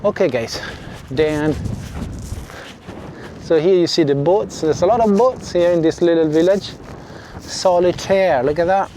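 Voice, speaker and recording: A man with an Italian accent talks to his viewers while walking along a harbour, in a fairly high voice. He chats loosely, stops to correct his words and apologises along the way. His mic sits under his jacket, with faint outdoor sound behind him. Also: unhurried, pauses often, mellow, a little hiss or hum. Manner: chatty, self-correcting, apologetic asides to viewers. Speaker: vlogger. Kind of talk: casual walking vlog. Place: outdoors by a seaside village harbour and beach. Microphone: clip mic under a jacket.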